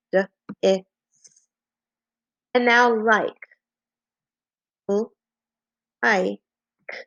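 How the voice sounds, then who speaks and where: A woman teaching a phonics lesson to young children, slowly and patiently dictating and spelling out words. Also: mid-range voice, fairly bright tone, no room sound. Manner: slow, clear, patient dictation with repeated words.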